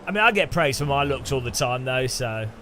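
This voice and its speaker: A man's voice: mid-range voice, expressive, brisk, sharp tone, a little hiss or hum. A man streaming sim racing, chatting casually and rambling with chuckles while answering his chat.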